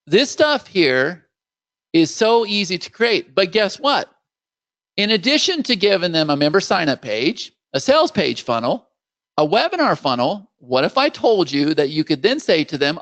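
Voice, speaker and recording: A man hosting a live screen-share software demo, upbeat and salesy, talking straight to viewers as "guys" and acting out how clients would react. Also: on the high side, very animated, normal speed, dry recording. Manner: acts out clients' reactions in quoted voices.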